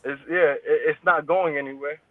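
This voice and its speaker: A man's voice: on the high side, fairly even intonation, moderate pace, no room sound. A man as an interview guest, talking in casual street slang with heavy swearing. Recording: tinny phone-like line, dry.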